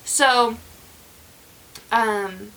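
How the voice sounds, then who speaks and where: Over a rough recording, a young podcast host rambles through a true crime story, full of fillers and restarts. Her voice is on the high side with a sharp tone, and she draws out her words.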